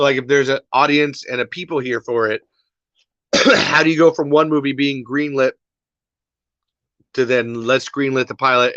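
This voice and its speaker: A man's voice: medium pitch, sharp tone, no room sound, muffled recording. A man hosting a casual livestream, ranting in an exasperated, rambling way and repeating himself. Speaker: podcast host.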